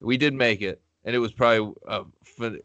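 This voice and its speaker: A man's voice: mid-range voice, brisk, fairly bright tone, no room sound, dull audio. A man co-hosting a podcast who tells a laid-back, swearing story about a late-night drive. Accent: Western Pennsylvania. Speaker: podcast co-host. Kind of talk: casual chat.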